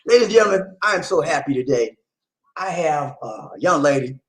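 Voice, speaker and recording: A man from the United States hosting a live stream, talking loud and playful, often repeating himself. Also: on the high side, expressive, a little fast, rough recording. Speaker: host. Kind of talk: lively live-stream chat.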